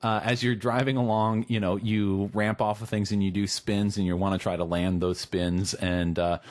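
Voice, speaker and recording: A man hosting a podcast, chatting casually and enthusiastically about games, rambling with lots of fillers. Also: on the low side. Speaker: podcast host. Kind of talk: casual game review chat.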